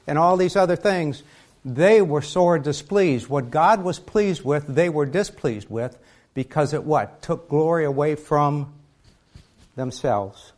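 A man preaching a sermon, reading scripture aloud and putting questions to his listeners. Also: on the high side. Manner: reads scripture aloud in King James wording, then asks the listeners questions.

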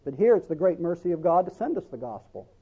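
Preacher guy, high mellow voice, throws questions at the crowd, slows way down on verses, muffled lo-fi sound. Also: big pitch swings, slightly rough. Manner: preaching with rhetorical questions to the congregation, drawn-out emphasis on scripture. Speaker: pastor. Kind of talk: sermon.

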